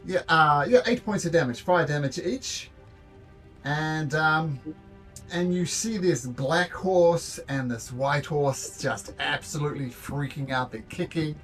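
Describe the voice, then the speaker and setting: A man running a tabletop game as game master, narrating in a halting way with many fillers and repeated words. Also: fairly high pitch, fairly bright tone, soft background music.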